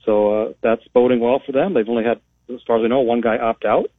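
A man from Minnesota talks quickly as a guest on a sports radio show. He answers in a relaxed way, with plenty of "uh"s. His voice comes through a tinny, phone-like line with a dry sound. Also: mid-range voice, no echo. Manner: relaxed, filler-heavy answers.

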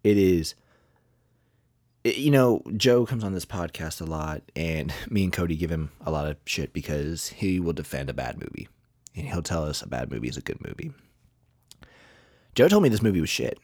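A very deep-voiced man hosts a podcast and runs through his movie rankings. He talks in a blunt, rambling, profane way, full of "like" and "you know". His voice sounds dry and close. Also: expressive, normal speed, a little mellow, dry recording. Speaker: podcast host. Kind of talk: casual movie review ranking.

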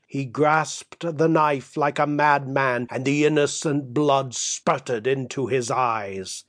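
A man narrating a classic tale for an audiobook, in a measured, dramatic storytelling manner, close to the mic. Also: on the high side, no room sound.

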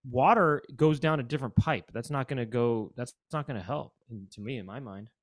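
A man's voice: medium pitch, brisk, no room sound, clean studio sound. A man co-hosting a comedy podcast, rambling through casual chat and breaking into silly sneeze bits. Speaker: podcast co-host.

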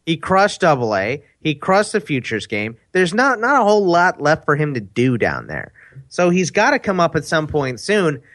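A man co-hosting a casual sports chat, teasing and quick with banter. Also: a little high, wildly swooping pitch, a bit bright, no room sound. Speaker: podcast co-host.

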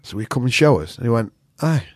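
A middle-aged man with a Yorkshire accent, a podcast guest who tells stories in a blunt, profane, animated way. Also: mid-range voice, racing, husky. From England. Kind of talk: casual storytelling chat.

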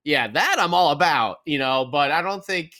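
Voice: mid-range voice, lively intonation, moderate pace, pushed and bright. A podcast co-host chatting about hockey and reading out viewer comments. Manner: laughing, reads out comments. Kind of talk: casual sports chat.

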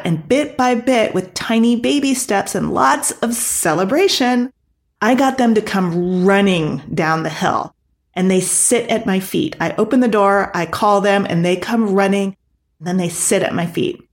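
A woman coaching artists in a motivational talk, speaking directly and animatedly, often checking in with the listener. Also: medium pitch. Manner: direct, animated, coaxing, with frequent "okay?" and "listen".

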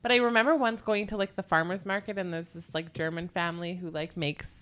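A woman's voice: on the low side, steady tone, quick pace, a bit bright. A woman co-hosting a podcast, telling a ghost story in loose, chatty talk with swearing and giggly asides.

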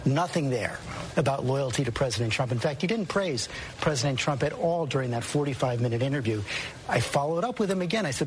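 A man reporting as a TV news anchor, measured and emphatic as he recounts an interview. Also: medium pitch, animated, slight background noise.

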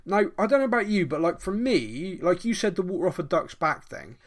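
A man co-hosting a casual podcast chat, excitedly retelling scenes and laughing often. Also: sits high, a little fast. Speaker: podcast co-host.

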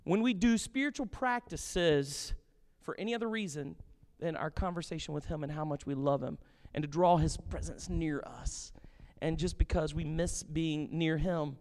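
A pastor preaching a sermon with passion and jokes, animated and lively in his delivery. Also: fairly high pitch. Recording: long reverb of a hall.

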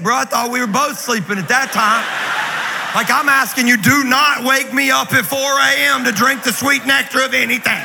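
A man preaching a sermon in an energetic, joking, conversational way. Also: very high voice, normal speed, vocal fry. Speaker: guest pastor. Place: large church auditorium. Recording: reverberant hall, faint noise.

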